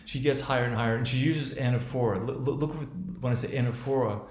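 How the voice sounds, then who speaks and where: Male teacher, mid-range voice, halting delivery full of restarts and tag questions, recorded in an echoey room. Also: medium pitch, a little mellow. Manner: halting, with many restarts and fillers; checks in with "right?". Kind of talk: lecture analyzing a speech.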